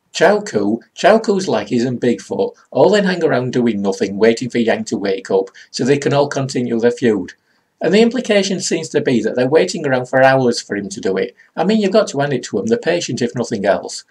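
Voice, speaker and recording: A man's voice: mid-range voice, sing-song, fairly quick, a little mellow, slightly rough. A man, giving a comedic comics review in a sarcastic, rambling way.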